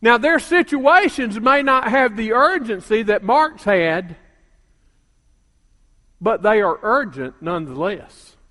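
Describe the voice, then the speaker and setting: An older man preaching a sermon as a pastor, calling out to the congregation and building to emphatic shouts. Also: high-pitched, animated, takes it slowly. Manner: call-and-response preaching, rising to emphatic shouts. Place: church sanctuary. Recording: long reverb of a church hall.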